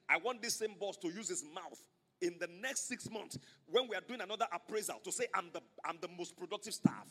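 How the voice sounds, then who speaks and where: A man's voice: high voice, quick pace, a bit bright, long reverb tail. A man preaching a sermon to his church, emphatic and repetitive, drawing the congregation into call-and-response. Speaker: pastor. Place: church sanctuary.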